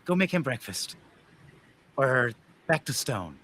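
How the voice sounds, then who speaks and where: A bossy, sly innkeeper woman with living snakes for hair, giving orders in a bright, forceful voice, as a man puts her on. She sounds calm and in charge, as if she is always sure she will be obeyed. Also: medium pitch, slow pace, full character voice. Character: commanding snake-haired female innkeeper boss.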